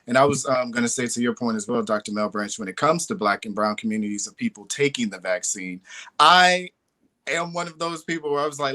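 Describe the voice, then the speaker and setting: A man hosting a live panel discussion, candid and conversational, with lively emphasis. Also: medium pitch, fairly quick. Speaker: host.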